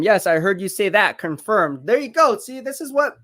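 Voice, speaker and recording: During a live football watch-party stream, a man chats with viewers and reacts to the game with excitement, restating his points. He speaks at a normal speed in a high voice.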